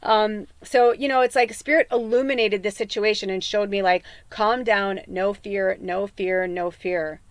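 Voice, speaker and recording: A woman giving a tarot reading in a casual spiritual podcast, telling a rambling story full of fillers and acting out quoted dialogue with sudden leaps in pitch. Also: fairly even intonation, measured pace, few pauses, no room sound. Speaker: tarot reader.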